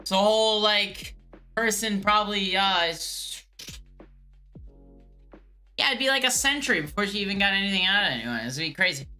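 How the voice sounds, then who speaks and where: A woman's voice: mid-range voice, lively intonation, moderate pace, long pauses, bright, forceful tone, soft background music. A woman streamer chatting casually on a live stream, exasperated and repeating herself with laughs. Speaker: streamer calling scammers.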